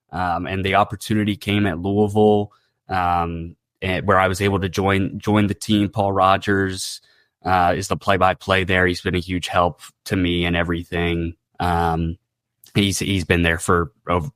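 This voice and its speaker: A man's voice: low voice, dry recording. A young man in his twenties, a radio broadcaster guest, talking earnestly and casually with frequent restarts and repeated words. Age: 20s. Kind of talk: casual interview chat.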